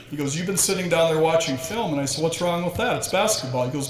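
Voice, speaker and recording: A man's voice: a little high, animated, normal speed, background noise. A man in his sixties giving a humorous, self-deprecating induction speech full of stories. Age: 60s. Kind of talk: storytelling speech. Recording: echoey hall with faint ambience.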